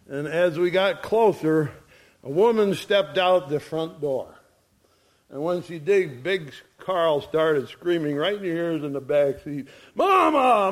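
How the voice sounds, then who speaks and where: A man's voice: on the high side, a little mellow. A man preaching a sermon in a folksy storytelling way, chuckling as he goes. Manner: folksy, chuckles through his stories.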